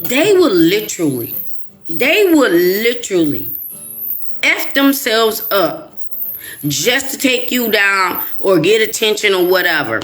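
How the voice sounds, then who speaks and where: Speaking slowly with faint music behind her, a middle-aged West Side Chicago woman with a medium-pitched voice hosts a live audience. She tells a casual story full of laughter, animatedly acting out what others said in their own voices.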